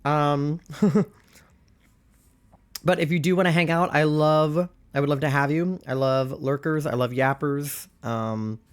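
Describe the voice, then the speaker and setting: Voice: mid-range voice, fairly even intonation, measured pace. A young adult streamer, sick and sounding off from their usual voice, chatting casually and rambling with giggles and lots of fillers. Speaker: Twitch streamer. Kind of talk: casual live-stream chat.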